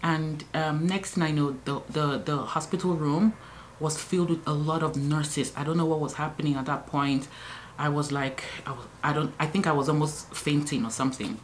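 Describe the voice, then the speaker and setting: A woman with a low-pitched voice talks casually to her camera at home. She rambles with fillers and self-corrections. A faint background hiss sits under her voice. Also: moderate pace. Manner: chatty, many fillers and restarts, animated when reliving moments. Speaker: vlogger, new mother. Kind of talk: casual vlog storytelling.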